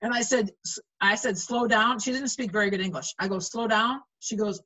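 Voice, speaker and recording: A woman's voice: medium pitch, fast talker, fairly bright tone, slightly rough, low-quality recording. A middle-aged woman, a volleyball referee, chatting animatedly in an interview and acting out quoted lines as she tells stories. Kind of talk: storytelling in an interview.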